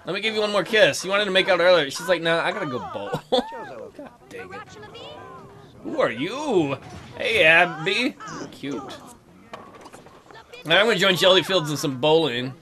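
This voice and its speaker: A young man giving casual, joking gameplay commentary. He gets excited fast and plays out the game characters' lines as he talks. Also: high-pitched. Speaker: let's play gamer.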